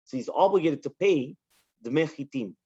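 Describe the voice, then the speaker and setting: A man's voice: on the high side, expressive, moderate pace, warm tone, husky. A male rabbi teaching a daily Talmud lesson, talking with energy, mixing Hebrew and Aramaic terms into his English and asking himself rhetorical questions. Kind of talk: daf yomi Talmud lesson. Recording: dull lo-fi recording.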